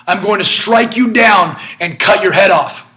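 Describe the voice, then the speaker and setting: A man's voice: high voice, measured pace. A man voicing a bold young shepherd hero. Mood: defiant. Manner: emphatic, sometimes shouting.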